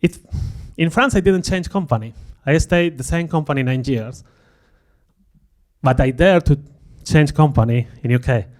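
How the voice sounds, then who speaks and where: A man's voice: a little high, moderate pace. A middle-aged man giving a conference talk, telling a personal story in a self-deprecating way and acting out his own thoughts. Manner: animated, self-deprecating, acts out quoted thoughts. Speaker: conference speaker.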